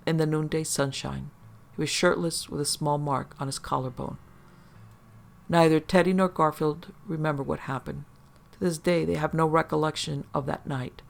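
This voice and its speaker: A man narrating a first-person horror story in a steady, measured way. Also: fairly high pitch, creaky.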